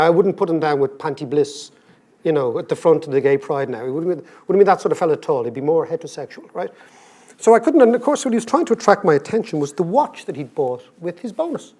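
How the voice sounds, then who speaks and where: High-voiced Irish man telling stories. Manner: lively, irreverent, swears freely, jokey asides. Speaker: conference speaker, economist. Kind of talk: comic storytelling talk.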